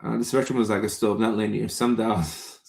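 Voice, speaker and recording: Gravelly laid-back man chatting on a live stream. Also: on the low side, fairly even intonation, normal speed, darkish tone, roomy sound. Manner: laid-back, chatty, reads out viewer comments. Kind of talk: casual live stream chat.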